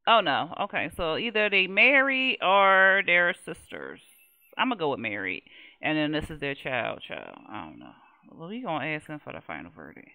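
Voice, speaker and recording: Laughing and chatting as she plays a life-sim game and addresses its characters, this young streamer gives easygoing Let's Play commentary. Her voice sits low with big pitch swings and a moderate pace, heard through narrow, tinny audio.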